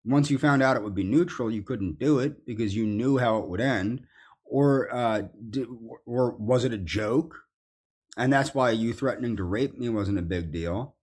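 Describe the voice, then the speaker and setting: A man in a ranting monologue, accusatory and indignant, halting with fillers. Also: mid-range voice, darkish tone. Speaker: commentary subject in clips.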